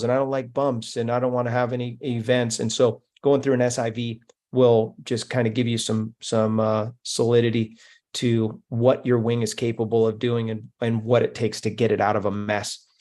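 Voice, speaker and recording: A man hosting a podcast, casually running through sponsor mentions with plenty of fillers. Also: mid-range voice. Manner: relaxed, with many fillers. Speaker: podcast host.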